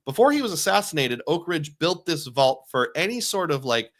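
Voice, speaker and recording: Middle-aged male streamer, chatty and rambling, bright voice. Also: a little high, sing-song, normal speed. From Iowa. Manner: chatty, rambling, answers viewer questions. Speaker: live stream host. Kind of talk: casual live-stream chat.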